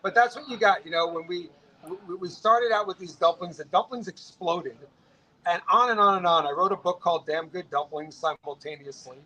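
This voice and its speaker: Man, late 30s, restaurant entrepreneur, energetic interview storytelling, stammering restarts, somewhat high voice. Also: poor audio. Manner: fast, energetic, frequent restarts and stammered repeats.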